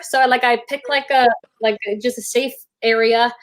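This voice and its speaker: A woman guest on a video-call interview, telling an animated anecdote and acting out quotes. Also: a little fast, hardly any pauses. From United States. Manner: animated, acts out quotes in high voices. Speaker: guest actor. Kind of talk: casual storytelling.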